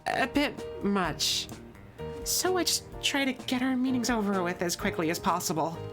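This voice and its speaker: A voice actor reading a fan game aloud and voicing a cheery but nervous, people-pleasing young woman in a high, timid, stammering voice. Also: lively intonation, over music, close to an everyday voice. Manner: timid, fast apologetic delivery with stammers.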